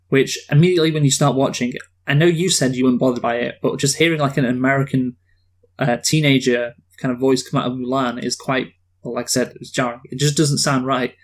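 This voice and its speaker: Brief: male co-host, dry deadpan delivery, plain mid-pitched voice. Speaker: podcast co-host. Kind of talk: casual film review chat.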